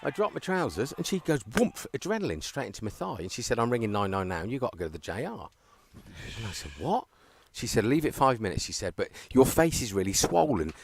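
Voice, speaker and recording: A man's voice: mid-range voice, fairly quick, creaky, few pauses, husky. A man commentating on a live cricket stream, chatting casually and telling a story with frequent laughter. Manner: animated storyteller, laughs often.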